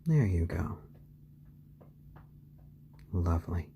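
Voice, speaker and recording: A man hosting a live stream, talking softly to his baby chicks in a low-key, soothing way and answering viewers' questions. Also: very animated, very slow, lo-fi sound, a little hiss or hum. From born in Japan to British parents.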